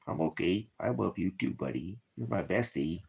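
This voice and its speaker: A man who preaches for a small ministry rambles off the cuff in livestream style, cracking jokes and breaking off between points to talk to his dog. His voice sits low with lively intonation at a moderate pace, creaky, husky and a little mellow.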